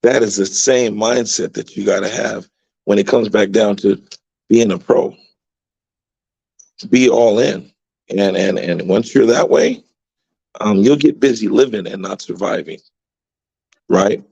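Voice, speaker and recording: A man who coaches high school football, telling motivational stories in a radio interview with emphatic repeats. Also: measured pace, vocal fry, pauses often, a little mellow, husky, no room sound, rough recording.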